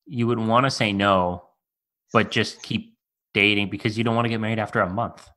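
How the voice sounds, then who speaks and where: Young dude cohosting a podcast, bright voice, laid back, kinda hedgy. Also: male voice, fairly low pitch, steady tone, fairly quick. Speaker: podcast co-host. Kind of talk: casual chat.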